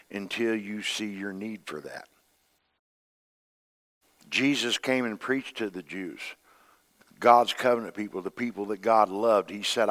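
Older man, low voice, pastor, sermon, loud emphasis then hushed passages. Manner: preaching with swings between loud emphasis and hushed, quiet passages.

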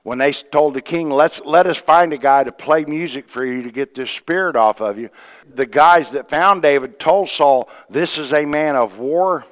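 A man's voice: a little high, normal speed, long reverb tail. A man preaching a sermon, retelling a scripture story in a folksy way with quoted voices and asides to the church. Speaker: pastor.

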